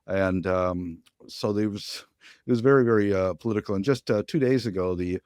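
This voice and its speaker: Low-voiced older man, firm interview guest. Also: moderate pace, a little mellow, dry recording, studio quality. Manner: firm, plain-spoken, emphatic. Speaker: guest, ocean activist. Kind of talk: interview answers.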